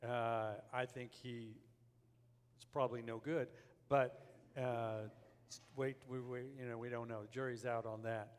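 Older preacher in a reverberant hall. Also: male voice, mid-range voice, flat delivery, unhurried, clean tone. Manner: storytelling, rising to forceful preaching. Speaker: pastor. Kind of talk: sermon.

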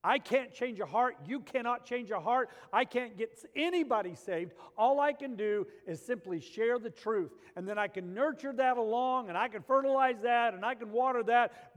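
A man preaches a sermon with a high voice, pressing hard on key lines and then falling to a hushed intensity. His words ring out with a long reverb tail, as in a large hall. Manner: animated preaching, swings between loud emphasis and quiet intensity. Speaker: pastor.

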